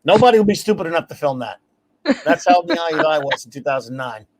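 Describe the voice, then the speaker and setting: A man hosting a casual talk show, telling stories in an animated, ranting way and laughing as he goes. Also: on the high side, brisk. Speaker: podcast host. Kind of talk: casual chat.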